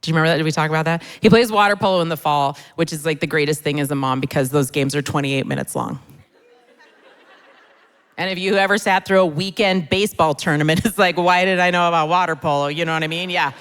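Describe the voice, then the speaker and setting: A middle-aged woman performing self-deprecating stand-up comedy on a church hall stage, chatty and conversational. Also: low voice. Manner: self-deprecating, conversational, pausing for audience laughs. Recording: long hall reverb.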